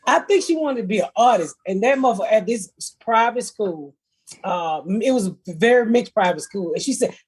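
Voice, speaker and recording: Husky-voiced middle-aged woman, blunt and profane. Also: mid-range voice, lively intonation, fairly quick. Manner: blunt, profane, laughs through stories. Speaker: podcast host. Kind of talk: casual comedic storytelling.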